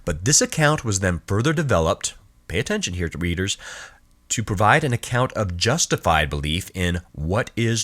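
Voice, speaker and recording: A man with a deep, low voice delivers a recorded philosophy lecture. His pitch swings widely as he stresses key words. He explains patiently and asks rhetorical questions along the way. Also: a bit bright.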